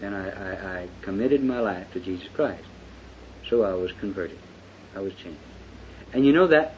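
A man preaching a sermon in a folksy way, dropping to hushed confession and then rising to fervent shouting. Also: fairly low pitch, animated, measured pace, husky. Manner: folksy, with lots of "you know". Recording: dull lo-fi recording with faint hiss.

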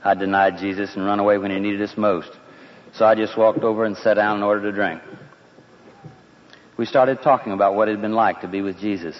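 A man telling a dramatic story in the first person, in an earnest, conversational way. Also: fairly low pitch. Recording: dull lo-fi with long reverb.

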